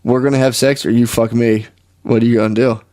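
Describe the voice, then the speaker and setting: A man's voice: medium pitch, flat delivery, fairly quick, dark tone. Rambling, profane male podcast co-host. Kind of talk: casual comedy podcast chat.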